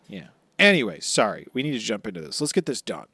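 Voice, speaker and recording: A man's voice: lowish voice, very animated, quick pace, vocal fry, sharp tone, husky, no echo, clean studio sound. A man co-hosting a casual podcast, rambling and swearing as he recaps an episode and acts out bits of dialogue. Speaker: podcast co-host. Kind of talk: casual chat.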